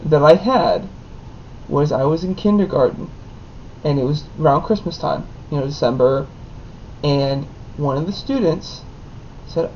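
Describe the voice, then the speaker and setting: A young married man, the son of his co-host, telling a story in an animated way with lots of "like". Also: on the high side, a little slow. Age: young adult. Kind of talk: casual storytelling. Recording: dull lo-fi with faint noise.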